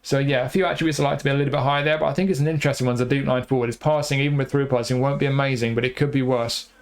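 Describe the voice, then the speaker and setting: Male game reviewer, quick delivery, flat intonation, rambling with fillers. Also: mid-range voice. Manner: rambling, repeats himself, many fillers. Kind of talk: casual commentary over gameplay.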